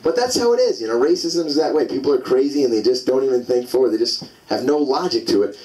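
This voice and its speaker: A man's voice: medium pitch, lively intonation, fast, darkish tone, distant mic, rough recording. A man in his forties doing a stand-up comedy set, telling loose, rambling stories full of fillers on a club stage. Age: 40s.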